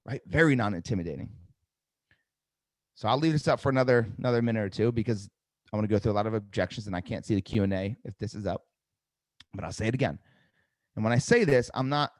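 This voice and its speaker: A man's voice: fairly low pitch, fast talker, pauses often, no echo. A man hosting a live sales webinar, coaching with energy and repeating key phrases for emphasis.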